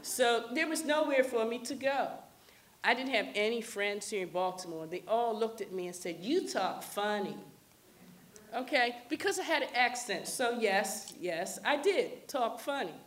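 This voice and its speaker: A woman's voice: fairly high pitch, expressive, measured pace. Older woman telling her story. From New York. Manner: candid, wry, drops soft for painful parts. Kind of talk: personal storytelling. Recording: faint hiss.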